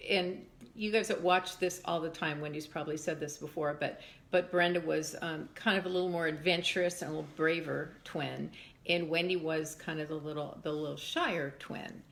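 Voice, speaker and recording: Older lady reminiscing at home, kinda low voice, acts out the people she talks about. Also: normal speed, creaky. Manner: animated storytelling, acts out voices. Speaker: mother of a former child actor. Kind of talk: reminiscing interview. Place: home in Texas.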